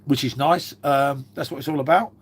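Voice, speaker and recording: A middle-aged man rambles through a casual live stream, reading viewer comments, swearing freely and calling everyone mate. His voice sits in the mid-range at a normal speed, and he's unwell with a cough. There's noise in the background.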